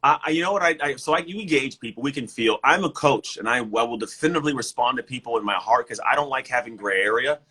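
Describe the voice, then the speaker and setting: Fast, bright-voiced motivational man. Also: mid-range voice, breathy edge, poor audio. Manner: energetic, emphatic, repeats words. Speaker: motivational speaker and coach. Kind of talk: casual motivational talk. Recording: livestream guest.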